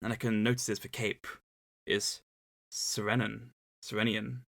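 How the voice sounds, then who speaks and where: A man's voice: lowish voice, level tone, a little slow, creaky, fairly bright tone. A man co-hosting a casual book club podcast, retelling the plot in a rambling, chatty way. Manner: rambling, chatty retelling with many fillers and restarts. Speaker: podcast co-host.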